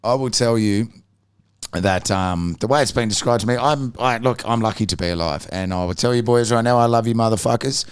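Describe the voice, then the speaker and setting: An Australian man hosting a podcast, telling a story casually in a blunt, profane, animated way. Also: fairly low pitch, fairly quick, smooth, no echo. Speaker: podcast host.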